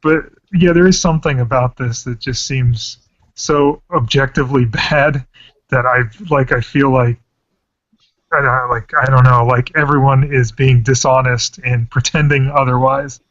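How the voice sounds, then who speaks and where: A man vents on a podcast panel in a heated, ranting way, swearing as he goes. His voice sits at an ordinary pitch. The recording is dry and dull, with a lo-fi sound. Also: fairly even intonation, measured pace, fairly bright tone, no room sound. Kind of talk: casual chat.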